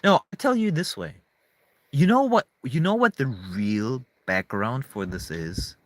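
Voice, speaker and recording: A man's voice: mid-range voice, lively intonation, measured pace, no echo. A man in a casual, rambling monologue to camera, emphatic, swearing often and restarting his sentences. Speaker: vlogger.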